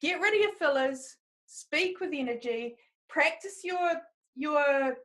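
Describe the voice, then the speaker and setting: A woman's voice: high-pitched, lively intonation, slow pace, a bit bright. A woman teaching a live webinar on presentation skills, upbeat and encouraging as she talks straight to her audience.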